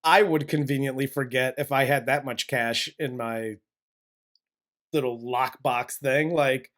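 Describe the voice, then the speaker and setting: A man hosting a movie review podcast, chatting casually with crude jokes and an animated delivery. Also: medium pitch, unhurried. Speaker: podcast host.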